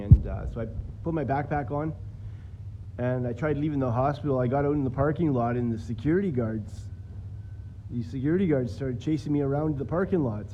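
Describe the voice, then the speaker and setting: A man's voice: mid-range voice, normal speed, long pauses, darkish tone, lo-fi sound, a little hiss or hum. A man telling viewers a long personal story in casual, rambling, profane talk, acting out what others said. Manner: rambling, profane, acts out quoted voices.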